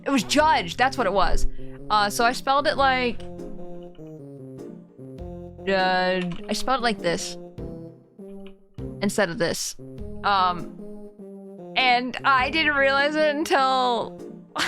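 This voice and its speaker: A young woman streaming a game, chatting casually and laughing as she talks to her viewers. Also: a little high. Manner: chatty, laughing, swearing, talking to chat.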